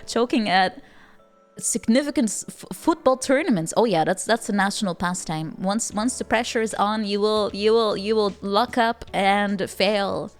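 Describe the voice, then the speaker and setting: A woman's voice: mid-range voice, lively intonation, a little slow, faint music behind. A woman with a Dutch accent, a streamer chatting casually with viewers, giggling often and stammering through playful restarts.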